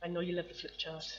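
A woman preaching a sermon to a congregation, reading scripture and asking the room questions in a conversational way. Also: on the low side. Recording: muffled lo-fi recording with faint hum.

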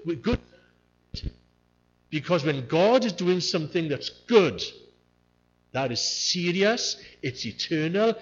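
A man's voice: a little high, slightly rough. A man preaching a sermon in an earnest way, repeating key words to stress them. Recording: muffled lo-fi recording.

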